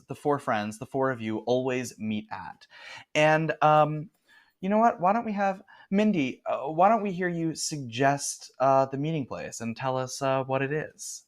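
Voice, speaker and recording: A man narrating a tabletop horror game as game master, improvising with fillers and restarts. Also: a little high. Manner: rambling, improvising with fillers and laughs.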